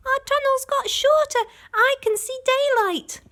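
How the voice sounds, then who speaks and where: A woman voicing frightened little fox cubs in a very high, squealing voice, reading a storybook aloud. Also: a little slow, bright, forceful tone, heavily acted. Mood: excited.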